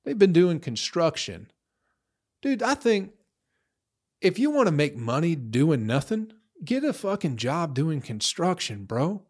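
A man's voice: a little high, big pitch swings, a little slow, darkish tone, slightly rough. Man ranting bluntly, swearing a lot. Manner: blunt, swearing, rambling, says "bro" and "you know". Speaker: vlogger. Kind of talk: profane casual rant.

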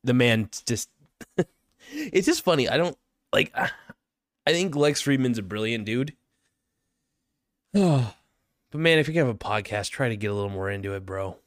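A man's voice: mid-range voice, animated, moderate pace, long pauses, dry recording, studio quality. A young man hosting his own podcast, rambling through a joking, self-mocking monologue full of fillers. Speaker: podcast host.

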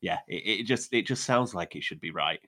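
A man's voice: sits low, animated, a little fast, pushed and bright. A man with an English accent chatting on a sports podcast, self-deprecating and full of restarts. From England. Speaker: podcast co-host, football analyst. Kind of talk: casual sports podcast chat.

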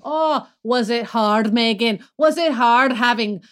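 A woman voicing her grumpy, blunt husband with a Scottish accent, gruff and mocking. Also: extremely high pitch, takes it slowly, a bit bright, pitched above the performer's own voice, full character voice.

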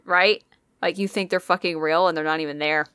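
A woman's voice: low voice, steady tone, brisk, a bit bright, clear, resonant tone, dry recording. A woman co-hosting a podcast, telling a ghost story in casual chat, swearing freely and using lots of fillers.

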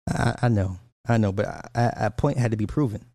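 A man's voice: on the low side, fairly quick, mellow, dry recording. Guy going off on a rant, cussing, says stuff twice, dry close sound. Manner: blunt, profane, repeats lines for emphasis. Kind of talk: casual commentary rant.

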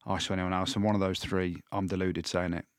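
Male podcast co-host, emphatic and jokey, low register, dry studio. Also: level tone, fast talker, dry recording. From England. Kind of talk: casual sports chat.

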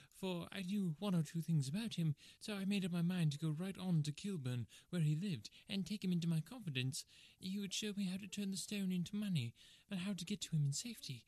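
A man's voice: a little high, a little mellow, dry recording, voice pushed up, lightly acted. A man voicing a frightened young male thief with a crackling voice, pleading and cringing in an audiobook. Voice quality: crackling, gravelly voice. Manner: pleading, shrieking at times. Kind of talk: audiobook character reading.

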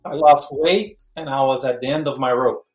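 A middle-aged man, a guest actor, telling a lively story and acting out quotes with jumps in pitch. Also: normal speed, faint music behind. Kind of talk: animated storytelling. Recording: roomy echo.

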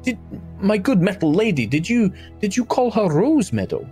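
A man's voice: sits high, sing-song, normal speed, dark tone, soft background music, pitched above the performer's own voice. A man voicing a hospitable, graying male centaur who leads his family and keeps urging guests to come and sit. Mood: welcoming. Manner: welcoming, repeats "come, come".

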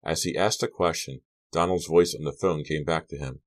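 A man's voice: extremely low pitch, normal speed. A man reading a young adult horror novel aloud as an audiobook narrator, giving the characters' lines small shifts of voice.

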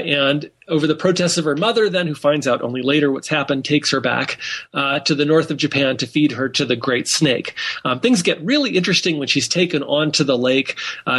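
Husky man retelling an old tale. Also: fairly high pitch, a bit bright. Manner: retells stories with many fillers and restarts. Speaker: author and scholar. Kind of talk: podcast interview.

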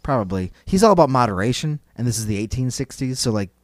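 A man's voice: medium pitch, expressive, fast talker. A man hosting a podcast, talking in a loose, rambling way full of "like" and other fillers. His voice sits in an ordinary middle range, playful as he tells a story. The sound is dry and close, with no room echo. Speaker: podcast host. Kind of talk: casual chat.

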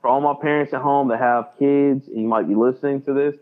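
A man co-hosting a podcast in casual chat, animated and excitable, acting out his reactions. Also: medium pitch, quick pace. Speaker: podcast co-host. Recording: tinny phone-like line.

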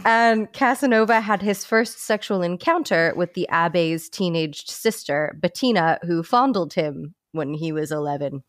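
A woman's voice: fairly low pitch, lively intonation, a little slow, few pauses, no echo, clean studio sound. A woman hosting a podcast, reading a story aloud from notes with comic asides, sometimes stumbling and correcting herself. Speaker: podcast host.

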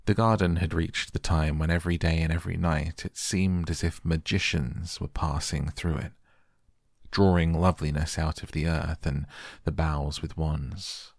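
A man narrating an audiobook softly for bedtime, gentle and unhurried. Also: very deep voice, steady tone, no room sound, clean studio sound. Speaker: audiobook reader.

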